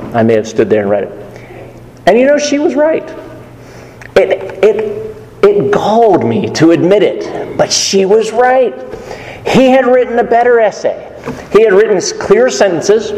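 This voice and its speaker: A man preaching a sermon, telling a story in an animated, emphatic way. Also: on the high side. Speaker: pastor. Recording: echoey hall with long reverb.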